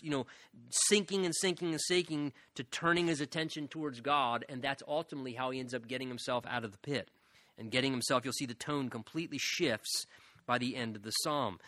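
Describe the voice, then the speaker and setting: A man's voice: a little high, bright, forceful tone, no echo, studio quality. A pastor preaching an earnest sermon, his delivery building to fervent emphasis.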